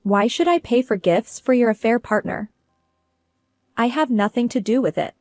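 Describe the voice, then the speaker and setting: A woman's voice: on the high side, lively intonation, moderate pace, a little mellow, dry recording. Businesslike woman narrating a story. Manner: cool and businesslike. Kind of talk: first-person story narration.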